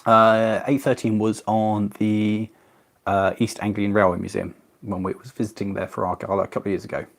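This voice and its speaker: A chatty man from England with a slightly low voice hosts a relaxed live stream. He reads viewer comments aloud between bits of building and pokes fun at himself along the way. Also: a little fast, gravelly. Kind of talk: casual live-stream chat while model building.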